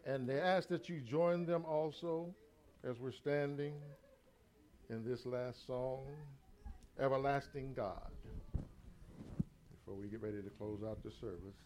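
A man's voice: medium pitch, unhurried, long pauses, darkish tone. An older man leading a church service as pastor, peppering his words with amens. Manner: call-and-response with frequent amens.

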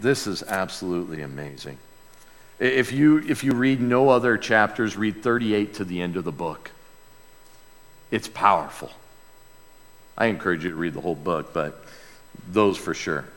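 A male pastor preaching a sermon in a church, emphatic and dramatic, dropping to quiet asides and then rising to loud outbursts. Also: low-pitched. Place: church sanctuary with a sound booth. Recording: long reverb in a large hall.

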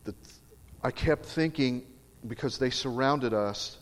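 A middle-aged preacher takes it slowly in a medium-pitched voice, earnestly and emphatically telling a personal story. The sermon carries the long reverb of a large hall.

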